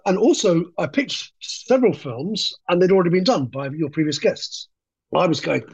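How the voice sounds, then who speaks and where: A slightly high, husky male voice comes through a dull, lo-fi recording. He is a film director guesting on a podcast. He talks with eager enthusiasm, rambling and restarting his sentences as he goes. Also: lively intonation, normal speed, darkish tone. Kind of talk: conversational interview.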